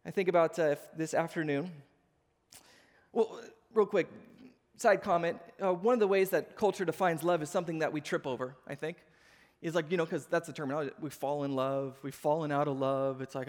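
Pastor in his thirties, high-pitched male voice, sermon full of acted-out anecdotes, echoing sanctuary. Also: fairly quick. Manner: animated storytelling, acts out voices. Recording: long hall reverb.

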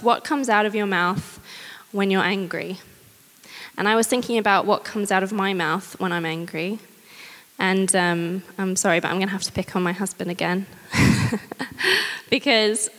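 A woman preaching a sermon, candid and personal, with gentle humor. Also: mid-range voice. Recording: long hall reverb.

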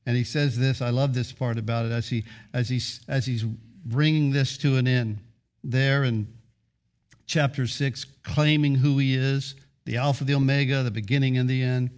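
Man, pastor, sermon, emphatic, rhythmic lists, repeated restarts, mid-pitched voice. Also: fairly even intonation, moderate pace, darkish tone. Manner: builds rhythmic lists of short phrases.

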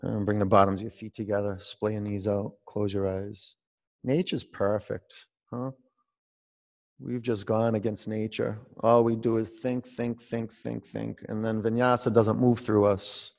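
A man with a low, gravelly voice leads a yoga class, his cues relaxed, chatty and drawn out. His voice trails off into a long, lingering reverb. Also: measured pace. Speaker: yoga teacher. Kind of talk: guided yoga class instruction.

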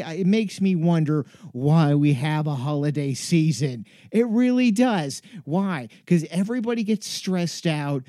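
A man's voice: a little high, warm tone, no echo, clean studio sound. A man delivering a rambling, self-deprecating comedic monologue while alone in a cold home garage, talking into an earphone mic. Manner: wry, self-deprecating, digressive. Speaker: podcast host.

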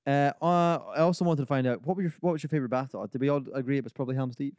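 A man's voice: medium pitch, steady tone, racing, a little mellow, clear, resonant tone, no room sound, clean studio sound. A man in casual chat, asking the questions and steering topics.

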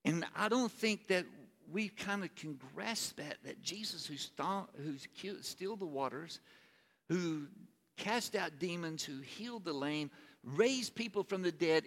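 A man's voice: on the high side, animated, a little slow, fairly bright tone. Earnest man preaching in a reverberant hall. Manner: earnest, asks the listeners rhetorical questions. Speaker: pastor. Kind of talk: sermon. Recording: long reverb of a large hall.

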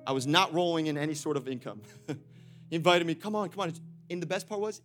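This young pastor, slightly high-voiced and brisk, pauses often as he preaches over soft background music. Lively and direct with his congregation, he alternates loud calls with quiet storytelling and laughs a lot.

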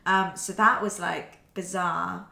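A woman's voice: fairly low pitch, fairly even intonation, slow pace, creaky, pushed and bright. A young woman from Wales telling personal stories in a casual chat, with lots of fillers and restarts. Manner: chatty storytelling, many fillers and restarts. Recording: echoey room.

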